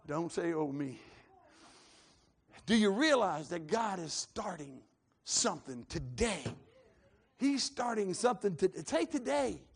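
Fervent high-voiced preacher. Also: male voice, big pitch swings, unhurried, slightly rough. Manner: builds to fervent shouting, calls for responses. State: scratchy throat. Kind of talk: live sermon to a congregation.

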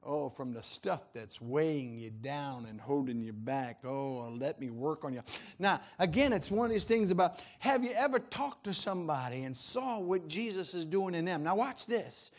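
High-voiced man preaching animatedly. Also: normal speed. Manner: animated preaching, laughs often, swings loud and soft. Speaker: pastor. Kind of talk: sermon.

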